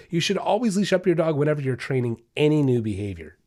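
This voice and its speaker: A man's voice: fairly high pitch, big pitch swings, fast talker, a little mellow. A man hosting a dog-training podcast, explaining steps in a casual, upbeat way and often checking in with listeners. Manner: casual, upbeat, addresses listeners as guys, many okays and rights. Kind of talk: instructional podcast talk.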